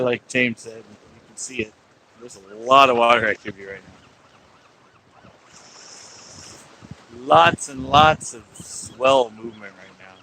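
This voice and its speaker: Chatty angler, a man with a bright, pushy voice, talking to his stream outdoors. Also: medium pitch, a little hiss or hum, rough recording. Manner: chatty, talks to viewers and yells at sea lions. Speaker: angler livestreaming from a pier. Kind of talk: casual live-stream chat. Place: outdoors on a fishing pier by the sea.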